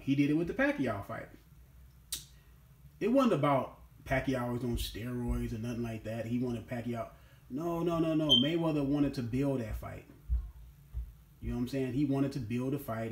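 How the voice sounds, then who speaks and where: Emphatic man talking in an echoey room. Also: medium pitch. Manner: emphatic and repetitive, keeps asking "you know what I'm saying". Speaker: boxing commentary host. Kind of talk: casual opinion monologue. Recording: roomy echo.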